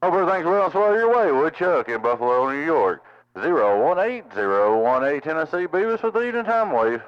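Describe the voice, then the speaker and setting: A man's voice: on the high side, very animated, brisk. A man, a CB radio operator greeting callers with call signs and holiday wishes. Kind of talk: radio chat. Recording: lo-fi CB radio audio.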